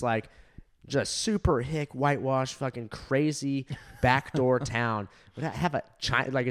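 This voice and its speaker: A young man, a stand-up comedian, telling a casual story, profane and laughing, with many fillers. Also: mid-range voice.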